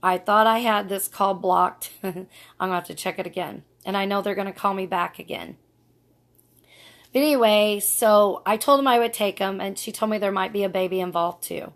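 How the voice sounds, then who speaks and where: A woman's voice: medium pitch, normal speed. Middle-aged woman, earnest rambling storyteller, casual vlog. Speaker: vlogger.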